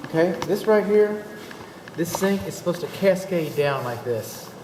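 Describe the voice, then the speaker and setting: A man's voice: sits high, a little slow. A man with a Texan accent, a home inspector giving a folksy, chatty walkthrough with joking asides. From Texas. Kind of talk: walkthrough narration to a client. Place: empty new house interior. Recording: echoey empty rooms, steady background noise.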